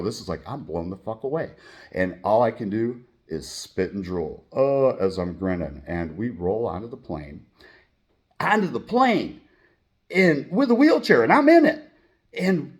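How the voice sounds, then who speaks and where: Brief: middle-aged man, low voice, blunt profane rambling storyteller. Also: slightly rough. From Michigan, United States. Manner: profane, blunt and animated, acting out quoted voices. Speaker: channel host telling a personal story.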